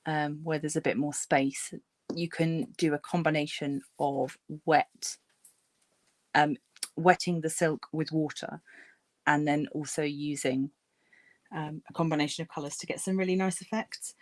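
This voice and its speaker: A woman's voice: deep voice, steady tone, measured pace, no echo. A woman hosting a crafting livestream, chatting casually with many fillers while she paints and murmurs to herself.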